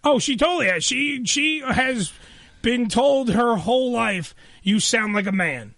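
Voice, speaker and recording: Foul-mouthed guy host joking around, really high gravelly voice, jumps all over. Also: animated, unhurried, a bit bright, dry recording. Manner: profane, jokey, riffing. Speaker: podcast host. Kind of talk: crude comedic banter.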